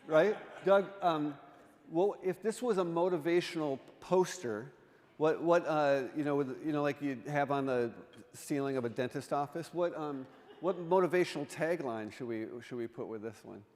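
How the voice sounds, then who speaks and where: With a slightly mellow voice on the high side and a moderate pace, an artist in residence gives a lighthearted illustrated talk to a congregation, quizzing them as he jokes. The long reverb of the church sanctuary carries his voice.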